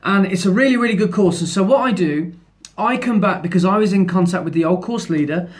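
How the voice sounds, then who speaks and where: A man in his thirties with a fairly high voice chats to camera in a relaxed vlog. He sounds upbeat and a little rambling, often restarting his sentences, and he talks about his photography work while he is out and about. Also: fairly quick. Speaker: photographer vlogger. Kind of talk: casual vlog talk to camera. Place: outdoors by the sea, then in town.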